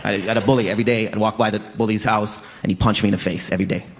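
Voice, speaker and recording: A man's voice: fairly low pitch, steady tone, big-room sound. A man doing stand-up, telling anecdotes on a comedy club stage. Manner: quick anecdotal storytelling. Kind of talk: stand-up storytelling. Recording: live stage recording with room noise.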